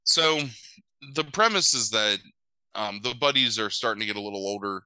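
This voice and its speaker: Bright, crisp man giving a rambling recap. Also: lowish voice, animated, moderate pace, no echo, low-quality recording. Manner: rambling, full of "like" and "um", wry asides. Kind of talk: casual movie recap.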